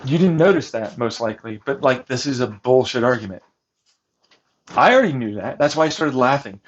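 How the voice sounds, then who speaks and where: A man's voice: medium pitch, lively intonation, a little fast. Ranting vlogger: a man, mocking and profane, on a muffled lo-fi recording. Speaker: vlogger recounting a family dispute. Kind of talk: heated argument and ranting commentary. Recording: dull lo-fi recording.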